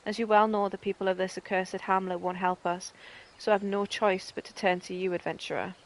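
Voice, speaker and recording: A woman's voice: mid-range voice, level tone, a little fast, lightly acted, low-quality recording. A Northern English woman voicing a proud, angry male resistance captain, reading his lines with bitter force.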